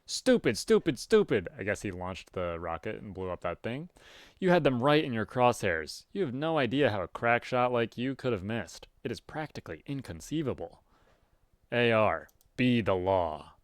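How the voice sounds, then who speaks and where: A man with a fairly low voice reads a webcomic aloud and comments as he goes. His delivery swings widely in pitch, jumping into loud exclamations. The recording is dry and close, with no room sound. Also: normal speed, dry recording. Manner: reads narration evenly, with sudden loud animated outbursts. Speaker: webcomic reader. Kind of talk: casual read-aloud with commentary.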